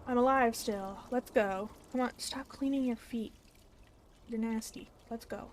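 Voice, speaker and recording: A young woman streamer chatters through a game in a slightly high voice, excitable and quick to swear. She talks straight to the characters on screen. Her home stream audio carries a steady layer of background noise. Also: poor audio. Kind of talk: casual gameplay commentary. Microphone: desk mic.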